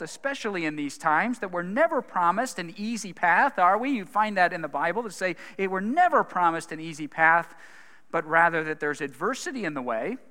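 A man preaching in a church in a bright, forceful voice that sits a bit high. He speaks earnestly and conversationally, asking rhetorical questions, and his voice rings out with long reverb in the hall. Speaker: pastor. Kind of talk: sermon.

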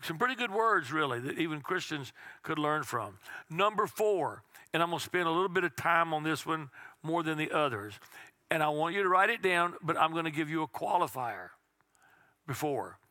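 A middle-aged man preaching a sermon as pastor, slowing right down for key phrases and dropping to a hush on the quiet lines. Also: fairly high pitch, animated, no room sound. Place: church sanctuary.

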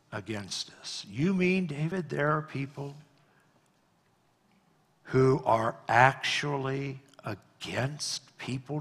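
A male pastor preaching a sermon, swinging between loud emphatic climbs and quiet, low endings. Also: slightly rough. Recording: long reverb of a large hall.

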